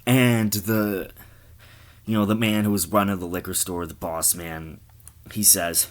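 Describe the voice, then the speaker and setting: Man improvising a comic tale, low voice, rambling and sweary. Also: steady tone, measured pace. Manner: rambling, profane, offhand. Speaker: comic storyteller. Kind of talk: improvised comedy storytelling.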